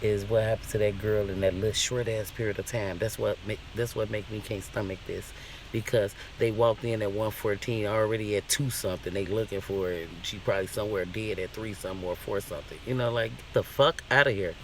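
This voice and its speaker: A man's voice: lowish voice, steady tone, fairly quick, slight background noise. A man vlogging a casual, profane rant in an indignant, questioning way.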